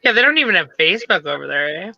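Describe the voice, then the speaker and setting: Gravelly, lively woman reacting. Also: on the low side, rapid-fire. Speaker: podcast co-host. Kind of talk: casual chat. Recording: dull, dry sound.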